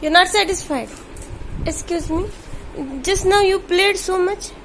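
A woman with a strikingly high voice playfully scolds and teases her pet at home. She speaks in quick, coaxing bursts. A faint hiss of noise sits under her voice. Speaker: pet owner filming her dog. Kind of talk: casual talk to a pet and viewers. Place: at home indoors.

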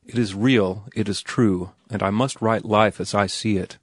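A man playing a headstrong young writer in an audiobook, speaking in a low voice with blunt insistence. The sound is close and dry, with no echo behind it. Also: fairly even intonation, normal speed, slightly rough. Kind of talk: audiobook character reading.

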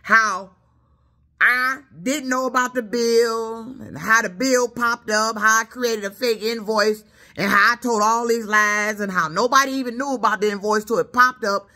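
A YouTuber from Detroit, USA, with a Southern lilt in her accent, rants angrily at commenters from the couch in her apartment, stammering and repeating herself. Her voice is fairly high, bright and pushed, at a moderate pace.

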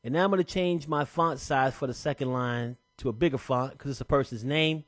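A man presenting a software tutorial in a relaxed, chatty way, talking through each step with casual slang. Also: mid-range voice, a little fast, no room sound, clean studio sound. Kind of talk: casual screen-recorded tutorial.

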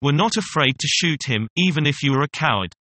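Rowdy, excited frontier soldiers jeer and shout, as a man reading a storybook puts them on. The delivery is agitated and coarse. The voice is bright and dry. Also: on the high side, brisk, no echo.

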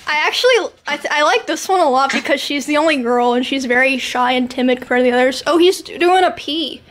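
High-voiced woman chatting playfully at home. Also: fast, slight background noise, low-quality recording. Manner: coos and scolds puppies in a playful, excitable way. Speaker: streamer vlogging her day. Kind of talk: casual vlog chat.

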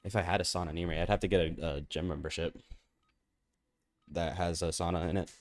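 Deep voiced guy streaming a shooter, goofy rambly chat, coughs here and there. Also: brisk. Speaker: game streamer. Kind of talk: casual gaming stream chat.

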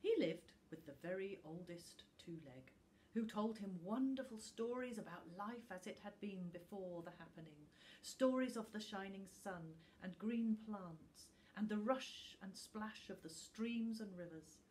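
A woman reads a bedtime story aloud in a calm, gentle voice, letting dramatic pauses hang. Her delivery is slow and unhurried, with an ordinary middle pitch. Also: slight background noise. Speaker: teacher reading a story.

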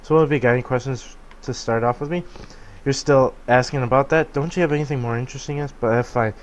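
A man voicing a smug, fashion-proud male duck creature who loves pranks and teases fast, reading game dialogue aloud. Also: medium pitch, a little hiss or hum, close to an everyday voice. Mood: teasing. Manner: fast, smug teasing with cackling laugh.

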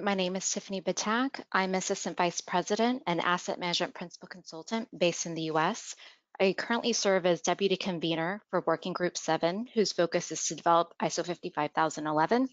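A woman introduces herself on a professional webinar in a crisp, formal manner. She speaks quickly in a fairly low voice. The audio is dry and a little dull, typical of a video call. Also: no room sound. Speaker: webinar panelist and consultant. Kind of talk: prepared self-introduction.

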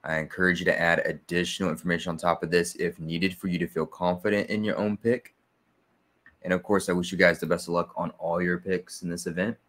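A man hosting his own sports picks channel, explaining his figures step by step in a steady, methodical way with frequent fillers. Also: sits low, a little fast. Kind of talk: casual explanatory video walkthrough.

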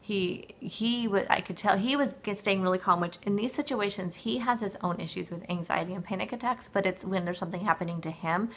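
A woman's voice: medium pitch, fairly quick, few pauses, a bit bright, a little hiss or hum. A woman in her forties with a dry throat, talking casually at her home desk in a rambling, filler-heavy way with many restarts. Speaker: weight-loss vlogger. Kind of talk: casual chat to camera.

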